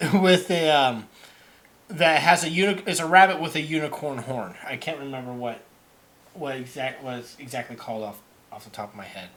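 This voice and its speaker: A man's voice: mid-range voice, normal speed, a bit bright. A man acting as game master, describing scenes with many restarts and laughs. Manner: laughing, stumbling over words. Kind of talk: narrating a tabletop game online.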